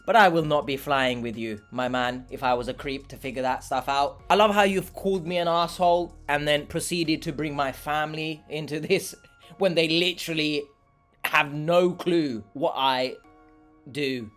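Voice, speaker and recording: A man's voice: fairly high pitch, normal speed, fairly bright tone, soft background music. A young man, a vlogger, chatting casually and sarcastically while eating, rambling and talking with his mouth full.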